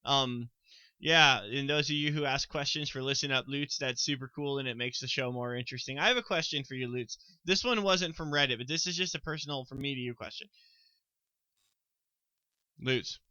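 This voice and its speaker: A man's voice: mid-range voice, normal speed, pushed and bright, clear, resonant tone, dry recording. A man co-hosting a casual sports podcast, rambling with stammered restarts and frequent ums. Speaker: podcast co-host.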